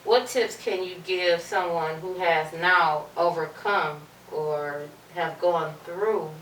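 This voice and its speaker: A woman hosting a panel discussion, asking measured questions and offering brief affirmations. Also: fairly low pitch, a bit bright. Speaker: host, moderator. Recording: echoey room, distant mic, faint noise.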